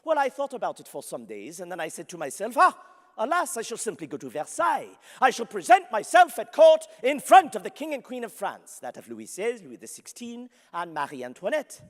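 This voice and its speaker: A high-pitched man speaks briskly with huge swings in pitch, a historical character interpreter playing an ardent, flamboyant young French nobleman. He tells his story grandly in the first person to an audience in a large convention hall, laughing often, and the recording carries the long reverb of the big space.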